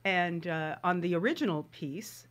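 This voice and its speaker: A woman's voice: fairly low pitch, moderate pace. A woman hosting an interview, speaking casually with hesitant fillers. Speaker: podcast host.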